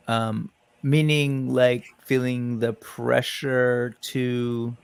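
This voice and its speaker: A man hosts a laid-back live stream, greeting viewers in the chat by name. His voice has a gravelly edge. The sound is dry and close. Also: mid-range voice, unhurried, no echo. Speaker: livestream host. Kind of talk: casual livestream chat.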